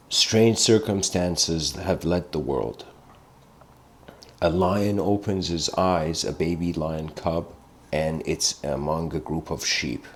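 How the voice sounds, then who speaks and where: A man giving a meandering, livestreamed philosophical lecture, often clearing his throat as he tells a story. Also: low voice, slow pace, slight background noise.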